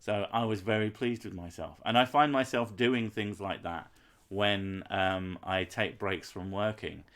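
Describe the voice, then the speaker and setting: A game streamer chats and rambles casually on a live stream, swearing freely and joking at his own expense. His voice is fairly low and a bit bright, with a measured pace.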